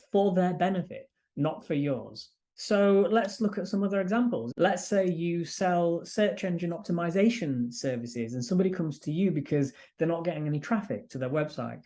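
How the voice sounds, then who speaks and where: Mellow-voiced male business coach. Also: on the high side. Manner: direct, acts out sample emails and client replies. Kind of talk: advice talk to camera.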